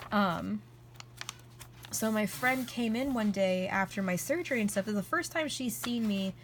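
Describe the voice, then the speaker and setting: A young woman vlogger chatting casually as she flips through her journal, rambling and excitable, with "like" in almost every sentence. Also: mid-range voice, a little hiss or hum. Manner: rambling and excitable, heavy use of "like".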